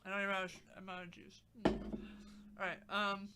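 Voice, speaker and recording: Une femme qui anime un stream en direct et bavarde de façon décousue, avec des remarques sarcastiques. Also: female voice, mid-range voice, completely flat delivery, fast, very noisy. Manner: rambling, sarcastic asides. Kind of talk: casual live-stream chat.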